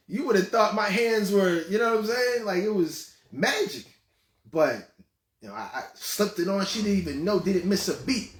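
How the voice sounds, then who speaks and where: Animated man telling stories, lively pitch. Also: reverberant. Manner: animated, conversational storytelling with many repeats and fillers. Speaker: show host. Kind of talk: casual commentary monologue.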